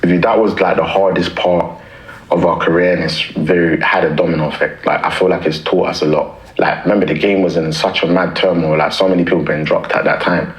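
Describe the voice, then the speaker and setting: A man's voice: low voice, brisk, roomy sound, rough recording. A man, a rapper telling a story in casual, slangy talk. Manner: animated, slangy anecdote-telling. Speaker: rapper guest.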